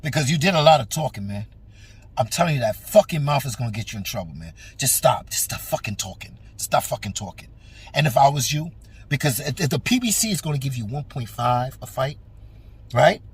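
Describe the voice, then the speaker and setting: A man's voice: mid-range voice, lively intonation, a little fast, breathy edge. A man hosting a boxing talk show, ranting with lots of swearing and talking straight at the fighter. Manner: profane, emphatic, talks straight at the fighter. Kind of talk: animated opinion rant.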